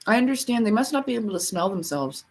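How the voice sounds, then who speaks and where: A woman's voice: on the high side, sing-song, fast, husky. A woman chatting casually on a livestream, rambling and laughing often. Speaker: livestream host.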